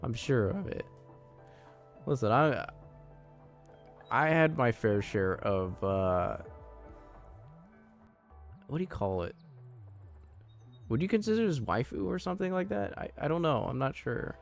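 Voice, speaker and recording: A man's voice: medium pitch, big pitch swings, measured pace, vocal fry, pauses often, soft background music. A man live-streaming a game, chatting casually and rambling, laughing often and sounding flustered.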